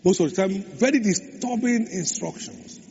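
A man's voice: high-pitched, moderate pace, mellow. A man preaching a sermon, stressing and repeating key phrases. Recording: echoey hall, dull lo-fi sound, faint hum.

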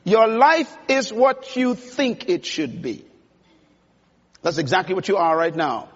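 High-voiced man preaching belief. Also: expressive, measured pace, fairly bright tone, slightly rough. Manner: emphatic, preacherly, addressing the audience directly. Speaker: conference speaker. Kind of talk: motivational speech. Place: large conference hall. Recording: dull sound with long hall reverb.

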